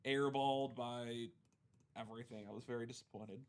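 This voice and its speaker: Co-hosting a live sports card break, this young man in his twenties keeps the chat casual, spinning lively stories and doing the voices of the people he quotes. He speaks at normal speed in a mid-range voice.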